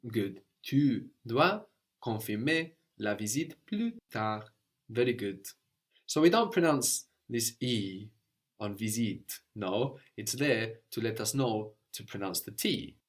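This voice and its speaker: A man teaching a language lesson, explaining patiently step by step and often checking with a quick "no?". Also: lowish voice, animated.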